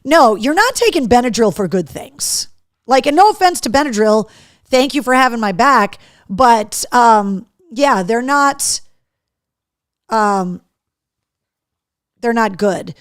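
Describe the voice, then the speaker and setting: A woman hosting a live show, chatting and reading viewer comments aloud, telling stories in an animated, profane way. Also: a little high, slow pace, pauses often, no echo, studio quality. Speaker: host.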